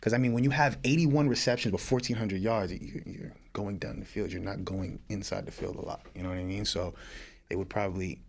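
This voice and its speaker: A man's voice: lowish voice, steady tone, brisk, creaky. A man guesting on a podcast, talking football in a laid-back, playful way. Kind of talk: casual sports chat.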